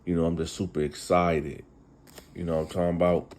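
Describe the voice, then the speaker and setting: In a low-pitched, somewhat mellow voice, a male host retells a story for a casual storytime, going a little fast with a flat delivery. His manner is chatty, and he addresses the listeners directly.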